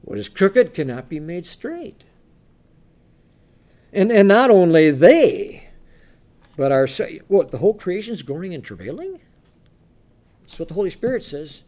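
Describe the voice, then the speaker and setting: Male preacher, slightly high and very animated, emphatic scripture reading with rhetorical asides. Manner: animated, rhetorical questions, shifts between loud reading and low asides; reads scripture in slow, emphatic tones.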